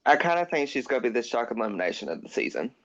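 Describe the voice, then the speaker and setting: A man of middling pitch chats casually as a guest on a video call, easygoing and opinionated. His audio comes through dull and lo-fi, with a faint hiss. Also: sing-song, rapid-fire. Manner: easygoing, offers hunches and opinions. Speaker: chat guest. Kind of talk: casual chat.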